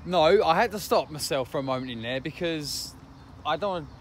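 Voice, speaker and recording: A man's voice: on the high side, expressive, fairly quick, slight background noise. A man vlogging a family day out, joking and chuckling at his own lines as he films. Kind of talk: casual vlog chat. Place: outdoors at a park and in a car.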